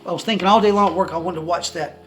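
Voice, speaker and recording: High-voiced man telling a rambling testimony. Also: steady tone, rapid-fire, faint music behind. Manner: rambling, repeats and restarts words, chuckles often. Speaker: person giving a religious testimony. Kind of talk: casual storytelling to camera. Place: indoors at home in the countryside. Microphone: camera in front of a seated speaker.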